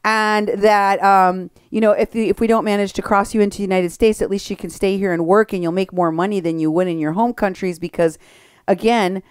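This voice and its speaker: A woman hosting an opinionated political commentary show, talking briskly and sarcastically and laughing at her targets. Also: mid-range voice, steady tone, clear, resonant tone, dry recording, studio quality.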